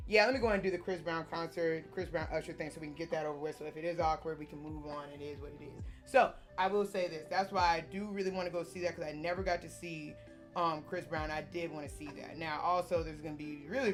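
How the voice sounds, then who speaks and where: A young woman vlogger in casual chat, rambling, animated and full of slang and swearing. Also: lowish voice.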